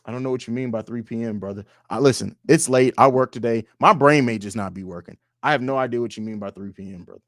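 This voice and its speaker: A young man talks fast with few pauses as he hosts a casual fan livestream from home, reading comments and trash-talking with profanity. He swings from loud bursts to low mumbles, and there's no echo.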